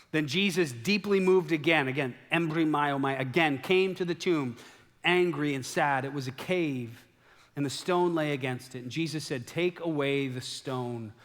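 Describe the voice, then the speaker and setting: A man preaching a sermon as a pastor, telling the story in a lively way and acting out the quoted lines. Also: on the high side. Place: church sanctuary. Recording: long hall reverb.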